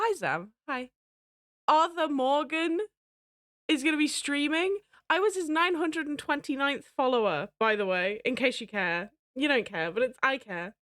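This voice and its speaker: Excitable girl chatting to her stream, giggly, dry close mic. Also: high voice, no echo. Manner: excitable, giggly, talks to chat. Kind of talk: casual live-stream chat.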